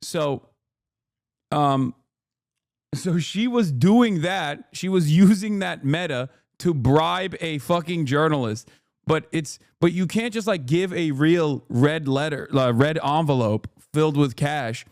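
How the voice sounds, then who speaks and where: A man's voice: on the high side, slow, no room sound, studio quality. A male streamer giving casual, rambling commentary in a sarcastic, profane way.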